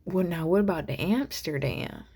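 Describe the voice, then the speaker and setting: A woman vlogger musing aloud to camera, soft and rambling, often half-whispered. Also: on the low side, lively intonation, moderate pace, slightly rough.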